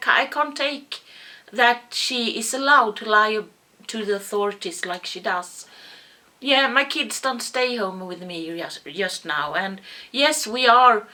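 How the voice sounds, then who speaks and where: Bright-voiced woman telling a personal story. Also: mid-range voice. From Sweden. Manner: halting, repeats words, rises to yelling when quoting herself. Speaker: vlogger.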